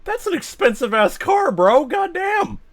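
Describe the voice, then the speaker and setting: A man's voice: very high voice, sing-song, unhurried, dry recording. A young man streaming a reaction, rambling and cursing a lot, calling people bro. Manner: rambling, swears a lot, says "bro" often. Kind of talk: casual reaction commentary.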